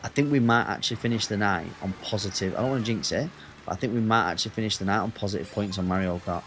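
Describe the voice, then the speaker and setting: A man's voice: fairly low pitch, quick pace, fairly bright tone, faint music behind. A man, chatting casually and swearing as he streams a racing game. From Northwest England. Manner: chatty, banters with chat, swears. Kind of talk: casual gaming stream chat.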